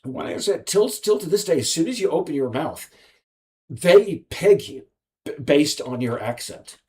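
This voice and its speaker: An American man who makes indie games rambles on by himself, halting often with lots of fillers and false starts. His voice sits fairly high, swings widely in pitch, and has a mellow quality.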